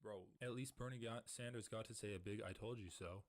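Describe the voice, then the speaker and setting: A man's voice: lowish voice, steady tone, brisk. A man commentator with a dry, dismissive manner, reading and reacting to posts. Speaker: video commentator.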